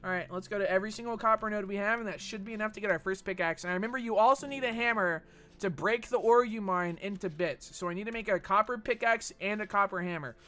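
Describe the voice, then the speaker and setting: A man's voice: high voice, quick pace, sharp tone. A man from Texas streaming a game, rambling and swearing as he reads chat messages aloud and jokes back at them. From Texas, USA. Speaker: gaming streamer. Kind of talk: casual livestream chat while gaming.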